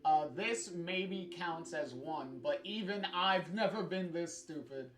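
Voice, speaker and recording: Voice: medium pitch, slow pace, natural voice. A streamer reading a blunt rebellious young woman. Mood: snarky. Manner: blunt, sarcastic lines read plainly. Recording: roomy sound with guitar music.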